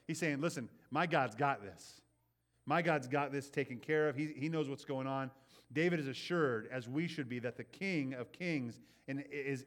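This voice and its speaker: A man preaching a sermon in an earnest way. He often checks in with the listeners with a quick "right?" and repeats words as he builds his points. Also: mid-range voice, a bit bright. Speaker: pastor.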